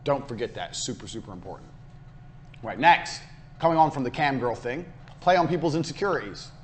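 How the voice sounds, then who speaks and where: A man's voice: mid-range voice, animated, fairly quick, a little hiss or hum. Brash, profane man lecturing on business. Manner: brash, profane, hard-selling; repeats points for emphasis. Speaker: business course instructor.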